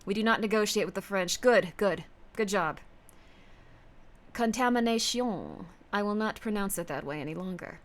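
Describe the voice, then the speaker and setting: A woman's voice: mid-range voice, a little fast, voice pushed down, close to an everyday voice. A woman putting on a stern commanding leader. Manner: clipped, authoritative commands.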